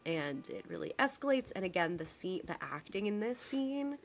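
A woman's voice: medium pitch, moderate pace, creaky, slight background noise. A young woman co-hosting a podcast, chatting casually and acting out lines as she recaps a TV episode. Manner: animated storyteller, acts out quotes. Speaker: podcast co-host.

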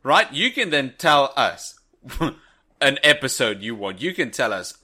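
A man's voice: mid-range voice, very animated, measured pace, sharp tone, husky. A man co-hosting a podcast, chatty and laughing often through casual chat. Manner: chatty, laughs while talking. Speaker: podcast co-host.

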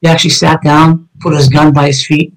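Guy recounting a cop story, swears a lot, blunt and punchy, voice a bit high for a man. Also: flat delivery, fairly quick, fairly bright tone, low-quality recording. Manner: blunt and emphatic, heavy cursing. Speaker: police officer telling his story as a guest. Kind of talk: emotional storytelling in a conversation.

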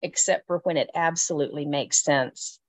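A woman's voice: deep voice, normal speed. A woman, a travel advisor, chatting casually on a radio travel show and often repeating words as she thinks.

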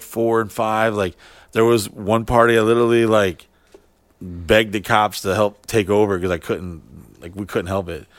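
This man's voice is lowish and a bit bright, recorded with no room sound. In his thirties and appearing as a podcast guest, he tells a long, rambling party story in casual chat, full of profanity and frequent "like."

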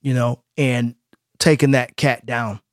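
A man's voice: mid-range voice, slow pace, dry recording. A man co-hosting a podcast, chatting casually and telling his stories with animation. His voice sits around the middle of the range, recorded close and dry with no room sound. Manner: animated storyteller, laughs easily. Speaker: podcast co-host.

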